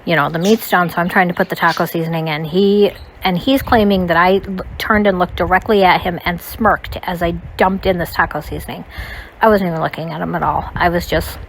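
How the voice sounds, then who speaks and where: A woman with a slightly low voice tells a personal story in a loose, casual way. She rambles and leans on "like" and "you know" as she goes. A faint hiss sits under her voice. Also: steady tone, fairly quick, rough recording. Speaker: storytime vlogger.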